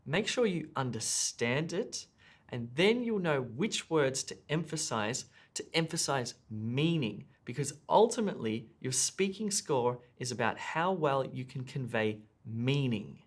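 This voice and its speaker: A man teaching a speaking lesson, explaining clearly and stressing key words. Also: medium pitch, lively intonation, measured pace. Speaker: English test tutor.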